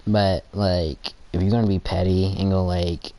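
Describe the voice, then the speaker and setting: A teenage boy with a deep, low-pitched voice rambles about friendships in a casual, halting way, stopping and restarting his thoughts. His teeth are sore from aligners, and he sometimes acts out his friends in little quoted voices. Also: level tone, warm tone. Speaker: gaming channel creator. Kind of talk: casual rambling talk while gaming.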